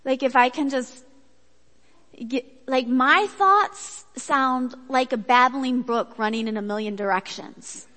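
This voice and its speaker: High-voiced woman preaching in a hall. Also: slow. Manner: chatty and animated, acts out quotes. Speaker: speaker at a church gathering. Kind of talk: sermon with personal story. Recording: echoey hall.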